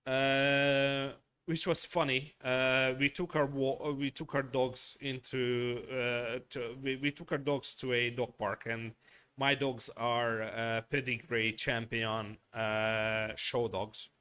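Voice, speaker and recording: A man's voice: medium pitch, level tone, slow pace, sharp tone, clean tone. A man from Hungary with a Hungarian accent, hosting a craft shop livestream and chatting bluntly. He swears a lot and rambles with many restarts. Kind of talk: casual chat, ranting. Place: workshop.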